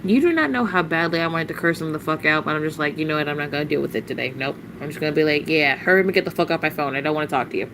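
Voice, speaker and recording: A woman with a lowish voice vents on a casual livestream, blunt, exasperated and full of curses. She rambles with sighs and short laughs, and faint noise hums behind her. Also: very fast, few pauses.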